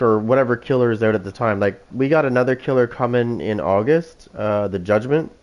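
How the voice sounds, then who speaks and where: A man's voice: medium pitch, a little mellow, muffled recording. Brash, foul-mouthed male game streamer. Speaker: streamer playing a killer. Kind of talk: live gameplay commentary.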